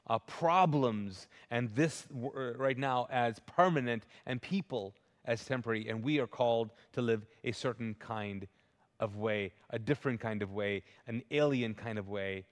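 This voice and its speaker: A man preaching a live sermon as pastor, earnest and emphatic, often restarting his sentences. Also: mid-range voice. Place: large church auditorium. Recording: long hall reverb.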